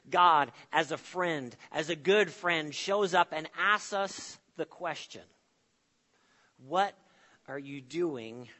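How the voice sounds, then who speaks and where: Man, pastor, sermon, high voice, emphatic, dramatic pauses, long hall reverb. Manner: emphatic, with dramatic pauses and sudden drops to soft.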